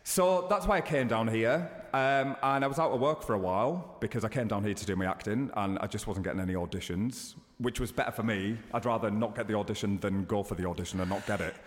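A man in his thirties talks casually as an interview guest, spinning stories with animated leaps in pitch. His voice carries a long reverb tail, as if recorded in a hall. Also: fast talker, few pauses. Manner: chatty, animated storytelling with sudden high bursts.

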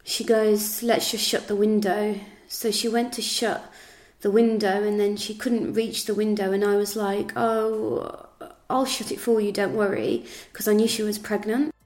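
A woman's voice: medium pitch, little pitch movement, normal speed, darkish tone. An English woman giving a first-person account of events, quoting what was said with frequent fillers. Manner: recounts events with reported speech, many fillers. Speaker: interviewee recounting events.

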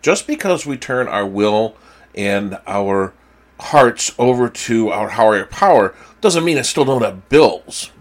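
A man hosting a recovery podcast, introducing the episode and telling a joke in a relaxed, conversational way. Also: on the low side, takes it slowly. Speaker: podcast host. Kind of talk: casual podcast intro and storytelling.

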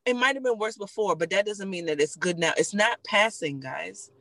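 A woman in a casual TV recap chat, animated, swearing and laughing a lot as she vents. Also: mid-range voice, moderate pace, no room sound, poor audio.

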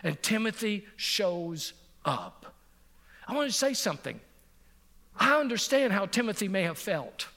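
A middle-aged male pastor preaches with an unusually high-pitched voice, stressing his points by repeating them and sometimes dropping to near-quiet. His voice rings out with a long reverb, as if in a big church sanctuary. He tells a personal story in plain sermon style. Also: big pitch swings, measured pace. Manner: emphatic, repeats phrases for effect, drops to a soft voice on key points.

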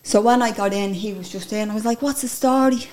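A woman's voice: mid-range voice, fairly quick, a little mellow. An Irish woman telling a personal story in an interview, candid and emotional, swearing casually as she talks.

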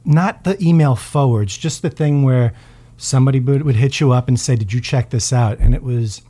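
Mellow, husky man in his forties. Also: normal speed. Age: 40s. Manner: low-key, self-deprecating, rambling. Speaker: music manager, podcast guest. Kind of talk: casual podcast chat.

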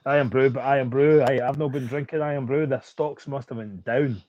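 A man's voice: medium pitch, fairly even intonation, brisk, dull audio. A Scottish man, a rugby player guest, chatting casually in a laid-back, self-mocking way. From Scotland. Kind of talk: casual chat.

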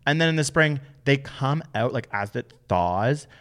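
This is a man in casual podcast chat with a middle-pitched voice. He talks in an animated, rambling way that swings between loud bursts and soft asides. He sounds like a co-host riffing with a friend. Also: a little slow.

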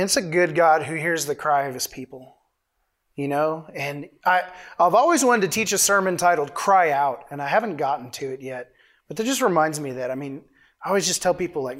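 A man's voice: fairly high pitch, fairly bright tone. A man preaching an informal sermon, reading scripture aloud with conversational, playful asides.

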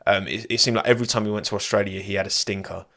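Chatty man, low rambling voice. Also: fairly even intonation, racing, pushed and bright. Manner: rambling, chatty, laughs at own asides. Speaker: podcast host. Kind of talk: casual motorsport chat, live-streamed.

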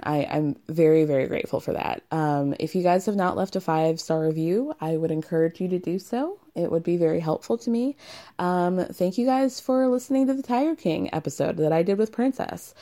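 Chatty sassy woman podcaster, mellow voice. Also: lowish voice. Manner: chatty, sassy, quick to laugh. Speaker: podcast host. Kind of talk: casual reality-TV recap.

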